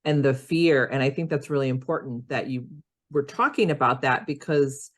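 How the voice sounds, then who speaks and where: A woman's voice: extremely low pitch, normal speed. A woman hosting a podcast, affirming her guest's points and asking follow-up questions. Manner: affirming, encouraging interviewer. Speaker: podcast host. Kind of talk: interview questions.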